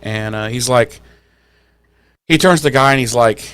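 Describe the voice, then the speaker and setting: A man's voice: mid-range voice, normal speed, a bit bright, clear, resonant tone. A man with a middle-range voice hosts a podcast and recaps the plot in loose, joking, profane chat. He keeps slipping into silly character voices. The sound is dry and close, with almost no room echo. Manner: jokey, profane, acts out lines in silly voices. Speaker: podcast co-host.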